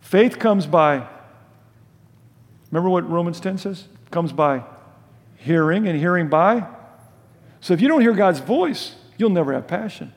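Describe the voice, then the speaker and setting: An older man preaching a sermon in a conversational way, asking his listeners questions and dropping from loud emphasis to soft, low asides. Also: expressive, a little slow, pauses often, long reverb tail. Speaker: pastor.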